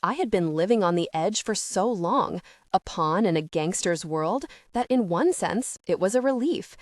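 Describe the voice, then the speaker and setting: A woman narrating a first-person audiobook at an ordinary middle pitch, steady and earnest. The sound is close and completely dry, with no room in it. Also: normal speed, dry recording.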